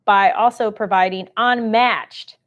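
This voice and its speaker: Reading out viewer comments and replying to them, this host of a government-contracting live shopping stream keeps things chatty and salesy. She speaks at medium pitch, measured and fairly even, through dull-sounding audio.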